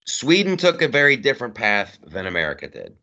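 A man co-hosting a podcast in casual political chat, emphatic and animated, often repeating himself for stress. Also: mid-range voice, a little fast, highs cut off. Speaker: podcast co-host.

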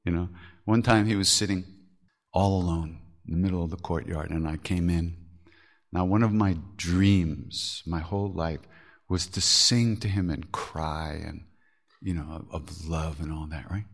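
A man's voice: deep voice, fairly even intonation, measured pace. An older man hosting a podcast, telling spiritual stories candidly, laughing often and swearing casually. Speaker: podcast host. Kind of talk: reflective spiritual storytelling.

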